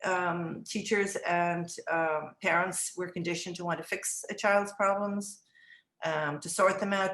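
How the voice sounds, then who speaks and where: A middle-aged woman in an interview, reflecting on teaching children in a thoughtful way, often restarting her sentences and acting out gentle phrases she would say to a child. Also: lowish voice, steady tone, a little slow. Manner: acts out gentle words to children. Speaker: early childhood education director. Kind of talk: interview answers. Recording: roomy echo.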